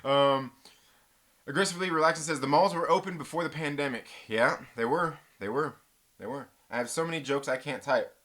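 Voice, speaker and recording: A man's voice: a little high, fairly quick, a bit bright. A man hosting a casual live-stream chat, rambling in a laid-back way and reading viewer comments aloud. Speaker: channel host.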